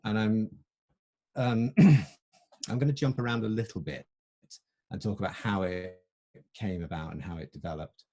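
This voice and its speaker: A man's voice: lowish voice, unhurried, pauses often, warm tone. A middle-aged man giving a presentation talk as a photographer, speaking reflectively and often restarting his sentences.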